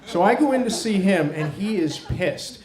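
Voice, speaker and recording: A man's voice: lively intonation, normal speed. Wry man telling a story on stage. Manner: wry, self-mocking, dropping low and quiet on hard parts. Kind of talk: live personal storytelling. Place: stage before a live audience. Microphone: stage microphone.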